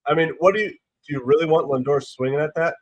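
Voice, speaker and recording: A middle-aged man with a cold, hoarse and stuffy, hosting a live stream and chatting casually through the play-by-play. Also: fast, lo-fi sound. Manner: rambling, excitable about pitches.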